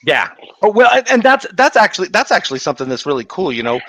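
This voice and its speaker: Casting: excitable man, higher-pitched, dry close sound, stumbles over words. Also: fast talker, no room sound. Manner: excitable, stammering, playful. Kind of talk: casual livestream chat.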